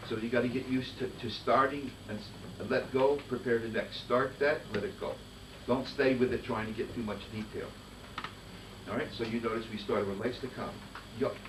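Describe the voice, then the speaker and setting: Man conductor singing rhythms in a rehearsal. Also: mid-range voice. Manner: sings rhythms in nonsense syllables while explaining; brisk, directive coaching. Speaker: conductor teaching a master class. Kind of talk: band rehearsal instruction. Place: rehearsal room with a band. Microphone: distant recorder. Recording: echoey room, far from mic, noisy.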